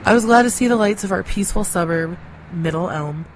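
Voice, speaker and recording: A woman narrating a short story in a deadpan, sardonic manner. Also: mid-range voice, brisk, a little hiss or hum. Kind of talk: scripted story reading.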